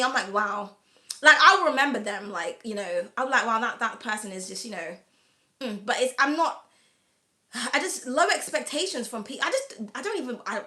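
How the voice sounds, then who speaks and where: A woman's voice: fairly high pitch, pushed and bright, reverberant. A woman hosting an astrology reading channel, chatting casually and bluntly to camera, swearing freely. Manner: frank and blunt, swears freely, laughs often. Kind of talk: casual candid chat to camera.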